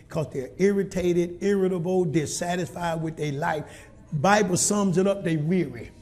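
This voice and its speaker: A pastor with a strikingly high voice delivers a sermon. He talks in a folksy, colloquial way, calls out to his congregation and builds to shouts. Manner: preaching with call-and-response, rising to shouts.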